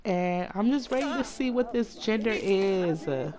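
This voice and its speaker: A woman giving casual, chatty commentary as she plays a life-simulation game, talking excitedly to her viewers. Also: medium pitch, measured pace, music in the background. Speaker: let's play host.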